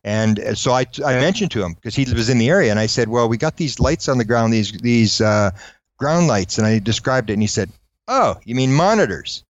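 A man talks quickly through a long personal story, sometimes slipping into the voices of the people he quotes. The recording is dry and close, with a slightly dull, muffled sound. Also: mid-range voice, dry recording. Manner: fast, animated storyteller who acts out quoted voices. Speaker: guest recounting UFO encounters. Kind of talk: anecdotal storytelling.

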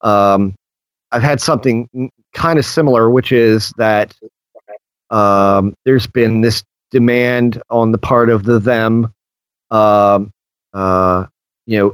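A man's voice: fairly low pitch, steady tone, slow pace, smooth, no echo, rough recording. A man talking in a rambling, reflective way, full of fillers like "um" and "you know", and sometimes acting out voices when he quotes them. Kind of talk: conversational discussion of strange experiences.

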